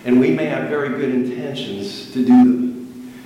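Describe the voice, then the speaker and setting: A man's voice: medium pitch, normal speed, dark tone. A man preaching a sermon as pastor, building intensity with repetition. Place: church sanctuary. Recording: echoey room from far off.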